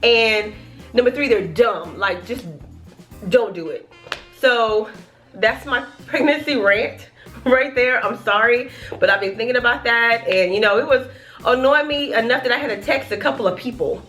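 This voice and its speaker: A young pregnant woman rants to her camera in a casual vlog, animated and often laughing. Her voice sits a little high, and faint music plays underneath. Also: normal speed. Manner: animated, laughing, acting out what people say. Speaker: vlogger.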